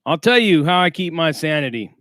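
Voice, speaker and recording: A livestream host uses streetwise slang and welcomes viewers by reading their chat names aloud, speaking fairly quickly in a fairly high voice with big pitch swings. His voice is a bit bright, and the recording is dry, clean studio sound.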